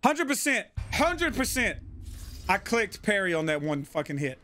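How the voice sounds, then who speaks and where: High-voiced, foul-mouthed man gaming. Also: big pitch swings, moderate pace. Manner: profane, trash-talking the boss; often shouting in frustration. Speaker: gamer playing a video game. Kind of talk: live gameplay commentary. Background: loud video game music.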